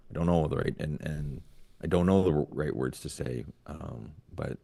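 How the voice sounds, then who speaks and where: A man's voice: extremely low pitch, moderate pace, creaky, mellow, dry recording. A man co-hosting a podcast about fatherhood, thinking aloud in a thoughtful, searching way. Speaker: podcast co-host. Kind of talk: reflective casual conversation.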